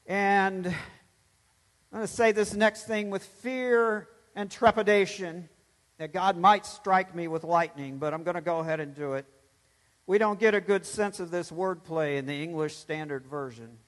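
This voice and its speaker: A man's voice: high voice, measured pace, big-room sound. A pastor preaching a sermon, emphatic, swelling and dropping his voice to stress points.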